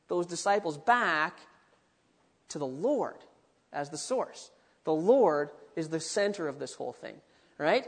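A man preaching a sermon with a fairly high voice. He is animated and breaks into excited bursts when he acts out the quotes. The sound carries the long reverb of a large hall.

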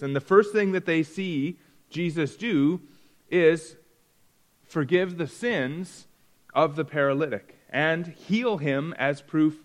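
A man's voice: a little high, long reverb tail. A man teaching a Sunday school Bible lesson in a conversational way, reading verses aloud and asking the class questions.

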